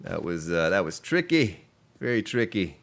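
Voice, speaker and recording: A man's voice: low-pitched, normal speed, creaky. A man casually commenting on his game during a live stream, chatting with viewers as he plays. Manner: relaxed and chatty, reading out and answering viewer chat.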